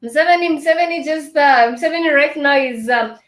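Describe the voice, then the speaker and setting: A woman hosts a casual chat, mostly offering short agreements in a fairly high voice. The room around her sounds echoey. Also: fairly quick, a bit bright. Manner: agreeable, brief affirmations. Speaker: host.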